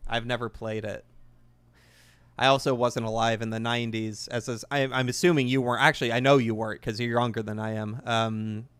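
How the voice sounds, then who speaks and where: A man's voice: medium pitch, level tone, fairly quick, fairly bright tone, clear, resonant tone, no room sound. A man in his twenties chatting casually while playing a game, rambling and enthusiastic. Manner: rambling, enthusiastic, restarts often. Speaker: gaming video creator.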